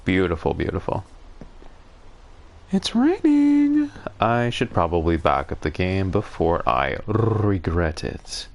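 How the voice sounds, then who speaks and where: A man's voice: low-pitched, measured pace, creaky, hardly any pauses. A man streaming a game, talking to himself in a casual, wry, musing way, congested from a cold. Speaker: gaming streamer. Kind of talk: casual solo gameplay commentary.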